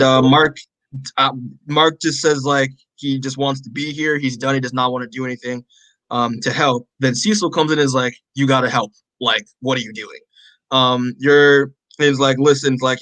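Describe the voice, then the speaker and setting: A man co-hosting a podcast, casually recapping a comic issue with lots of fillers and quick acted-out character lines. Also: medium pitch, steady tone, fairly bright tone, no echo, low-quality recording. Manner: rambling, many fillers, acts out characters' lines. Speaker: podcast co-host.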